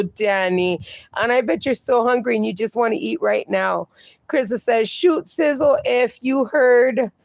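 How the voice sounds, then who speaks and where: Woman host, casual stream chat, slightly high voice with gravel, swears freely. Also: a little mellow, no echo. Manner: chatty, swears casually, reads viewer comments aloud. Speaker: livestream host reading chat.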